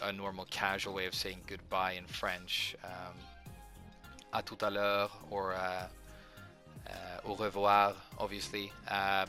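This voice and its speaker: Male host, hoarse and bright-toned, flat delivery, halting casual commentary. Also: on the low side. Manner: hesitant, lots of filler words. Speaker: gaming video host.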